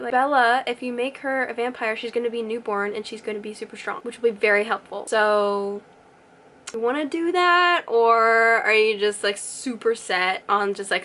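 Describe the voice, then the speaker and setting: Animated young woman vlogging. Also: a little high. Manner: animated, laughs often, acts out characters. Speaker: book vlogger. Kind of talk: casual reading vlog chat.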